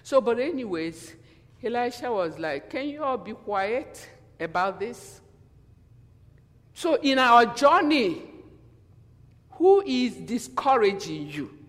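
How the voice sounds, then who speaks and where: A man preaching a sermon in a church, animated and acting out quotes in different voices, often asking the congregation questions. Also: very high voice. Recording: long hall reverb.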